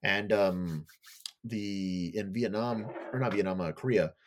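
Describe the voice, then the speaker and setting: A man's voice: low-pitched, unhurried, a little hiss or hum. A man on a podcast casually retelling a show's plot, swearing freely and raising his voice to act out characters' lines. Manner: loose, profane storytelling; acts out characters' lines in a raised voice. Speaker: podcast co-host.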